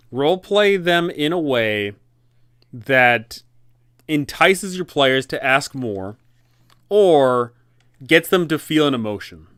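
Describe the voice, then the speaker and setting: A man hosting a casual tabletop-game advice talk, animated and rambling, correcting himself often. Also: a little high, clear, resonant tone, no room sound, studio quality. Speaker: dungeon master and channel host.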